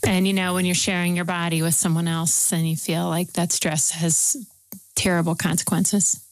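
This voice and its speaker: Woman interview host, empathetic and reflective, slightly low voice, dry recording. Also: flat delivery, normal speed, no echo, rough recording.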